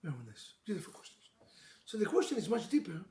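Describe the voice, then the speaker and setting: Rabbi, high gravelly voice, emotional storyteller, echoey room. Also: male voice, sing-song, fast talker, darkish tone. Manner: emotional storytelling, mixes Hebrew phrases, jokes with listeners. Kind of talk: animated sermon to a live audience. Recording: echoey room with faint noise.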